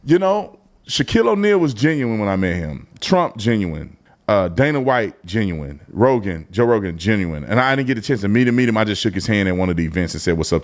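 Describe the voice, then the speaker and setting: A man hosting a casual reaction commentary, slangy and animated, breaking into mocking impressions. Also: lowish voice. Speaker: commentary channel host.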